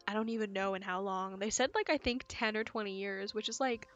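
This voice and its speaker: A young woman streams a game while chatting casually, rambling, swearing, and giggling as she tells stories. Her medium-pitched voice runs a little fast with few pauses, over faint background music.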